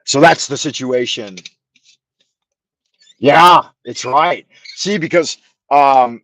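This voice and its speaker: A man's voice: mid-range voice, a bit bright, no room sound, rough recording. Rambling, profane man telling a story. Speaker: show host. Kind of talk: casual storytelling.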